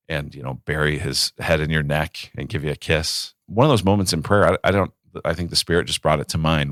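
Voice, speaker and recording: A man in his thirties, a pastor, talking in a relaxed podcast conversation and telling stories with acted-out quotes. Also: very deep voice, dry recording, studio quality. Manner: reflective, storytelling with acted quotes.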